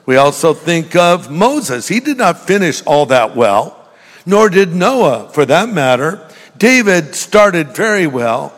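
Older male pastor with a joking delivery, a touch high, preaching in a reverberant church hall. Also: very animated, takes it slowly. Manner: humorous storytelling, jokey asides to the congregation. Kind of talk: sermon.

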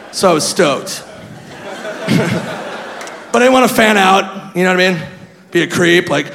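Male stand-up comic, high gravelly voice, animated and self-mocking; live hall with long reverb. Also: moderate pace, long pauses, noisy background. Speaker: stand-up comedian. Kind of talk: stand-up storytelling.

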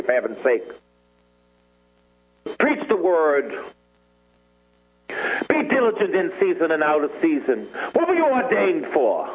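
A man preaching a sermon in an animated way, talking straight to priests. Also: on the high side, unhurried, pauses often, slightly rough, phone-quality sound. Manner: animated, mocking voices in asides.

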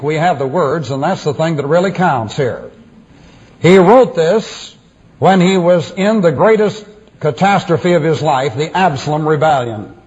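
A male preacher giving a sermon in a measured, emphatic way, repeating refrains for weight, on a dull lo-fi recording. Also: sits high, darkish tone, slightly rough.

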